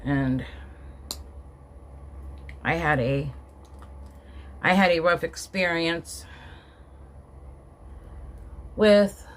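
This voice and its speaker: Middle-aged woman, slow unhurried talk, rambling casual vlog storytelling, frequent restarts. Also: deep voice, slight background noise. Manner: rambling, with many restarts and asides; emotional, recounting being upset. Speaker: vlogger.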